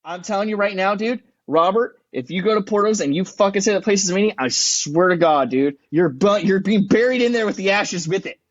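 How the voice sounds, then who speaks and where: Talking a little fast with hardly any pauses, the firefighter-EMT guest has a high voice; the recording has no room sound and its highs are cut off. His casual chat is full of rowdy, profane stories with quotes acted out.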